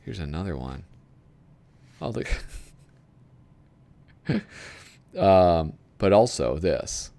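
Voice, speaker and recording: A man's voice: low voice, big pitch swings, extremely slow, vocal fry, long pauses, dark tone. A man hosting a casual video, reading aloud from a magazine and rambling about it with frequent chuckles. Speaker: video host flipping through a magazine. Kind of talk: casual commentary.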